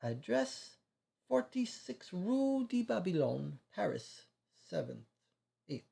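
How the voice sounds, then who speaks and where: A man's voice: sits high, very animated, slow, creaky, dark tone, pitched above the performer's own voice, heavily acted. A man voicing a polite middle-aged male French diplomat in an attempted French accent that keeps slipping. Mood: formal.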